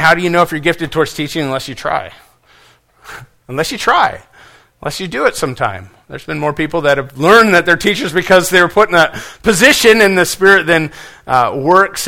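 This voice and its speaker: A man preaching a sermon as pastor, earnest and emphatic, repeating key phrases, swinging between loud stress and quiet phrase endings. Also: fairly high pitch.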